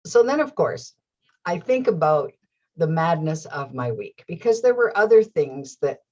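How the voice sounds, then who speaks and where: A middle-aged woman recounts a personal story to her viewers, laughing often and performing her own inner voices. Her voice sits low and a touch husky. The recording is a little dull. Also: sing-song, a little slow, darkish tone. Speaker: host. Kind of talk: storytelling monologue.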